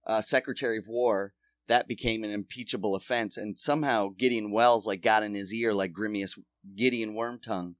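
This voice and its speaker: A man's voice: fairly low pitch, fairly even intonation, a little fast, no echo, clean studio sound. A man with a cold chatting casually and rambling with friends. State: has a cold. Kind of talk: casual podcast chat.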